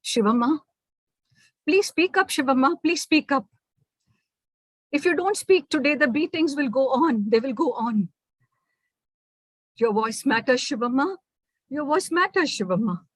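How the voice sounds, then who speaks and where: A woman's voice: high-pitched, animated, unhurried, pauses often, no echo, poor audio. A woman with an Indian English accent voicing a kind older woman who insistently urges a friend to speak up. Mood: urging. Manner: pleading, insistent. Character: kind older woman employer, firm and urging.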